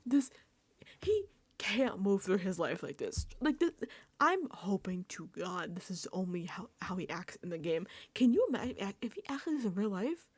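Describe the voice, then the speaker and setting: A woman's voice: mid-range voice, very animated, normal speed, a little mellow, slightly rough, no room sound. A woman giving casual, rambling recap commentary on a reality show, exasperated and swearing freely.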